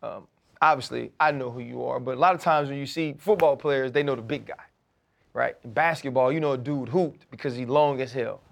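A man hosting a podcast, telling a story in a casual, slangy, animated way. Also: medium pitch, fairly quick, creaky. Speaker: podcast host.

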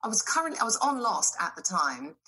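Brief: British actress guest in her 40s, bright tense tone, animated and salty, laughs through her stories. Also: medium pitch, brisk, breathy edge, rough recording. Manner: animated, laughing, profane storyteller. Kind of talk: casual podcast chat.

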